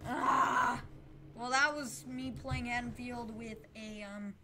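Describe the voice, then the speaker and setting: Excitable high-voiced woman gaming. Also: measured pace, noisy background. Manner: excitable, frequent exclamations and pleading. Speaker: gaming channel host. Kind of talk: casual game commentary.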